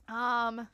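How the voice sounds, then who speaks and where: A woman streamer with a bright, forceful voice, caught up close and dry with no room sound. She rambles through casual gameplay commentary, peppering everything with "like" and laughing often. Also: fairly high pitch, clean tone, no room sound, muffled recording. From Canada. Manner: chatty, rambling, full of "like" fillers, laughs often.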